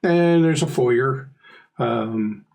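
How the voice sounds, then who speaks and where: A man narrating as game master in a relaxed, rambling way. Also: medium pitch, a little slow, gravelly, husky, rough recording. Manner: relaxed, rambling, filler-heavy.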